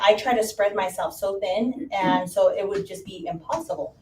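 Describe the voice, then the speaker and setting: A woman real estate agent shares a story with a room full of listeners. She talks in a lively way, acts out the quotes, and laughs easily. She is heard from a distance, with echo and a faint hiss of room noise around her. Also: medium pitch, normal speed. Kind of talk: panel talk, telling a story.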